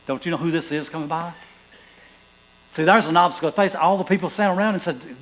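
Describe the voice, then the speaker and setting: A male pastor preaching a sermon, reading scripture aloud and building to fervent, loud passages. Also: fairly high pitch, a little fast, pauses often, low-quality recording.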